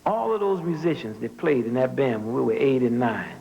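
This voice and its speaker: A man's voice: medium pitch, very animated, a little fast, creaky, mellow. A man from New Orleans giving a commencement speech as a story, who sings out drum and horn sounds along the way. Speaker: commencement speaker. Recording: muffled lo-fi speech recording.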